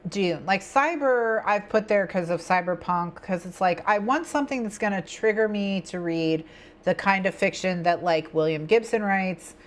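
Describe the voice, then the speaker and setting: A woman's voice: medium pitch, normal speed. A woman hosting a casual craft stream, thinking aloud and chatting with viewers in a rambling way. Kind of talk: casual chat with viewers while planning.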